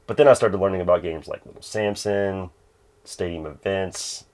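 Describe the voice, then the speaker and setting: A man's voice: low voice, moderate pace, darkish tone. A man in his thirties, a game collector chatting casually at home, rambling with lots of fillers and restarts. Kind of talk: casual interview chat.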